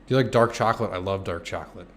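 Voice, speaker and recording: A young man in his twenties, streaming casually and answering chat questions, joking and swearing freely, sometimes shouting. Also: low voice, rapid-fire.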